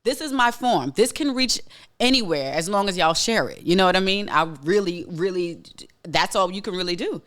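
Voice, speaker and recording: A man's voice: sits high, expressive, normal speed, fairly bright tone. A man hosting a casual monologue podcast, talking bluntly and emphatically, repeating lines for weight and restarting sentences often. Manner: frequent restarts and filler words. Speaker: podcast host.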